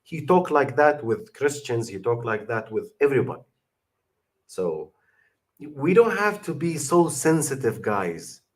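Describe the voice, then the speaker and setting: Young guy, casual livestream talk, lots of uhs and restarts, mid-pitched, gets emphatic. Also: sing-song, measured pace. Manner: non-native English with many fillers and restarts, emphatic. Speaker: channel host reacting to a video.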